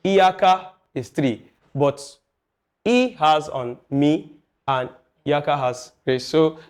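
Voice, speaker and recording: A man's voice: fairly high pitch, slow. A man teaching a music class, chatty and jokey, often asking his students questions. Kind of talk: classroom lecture.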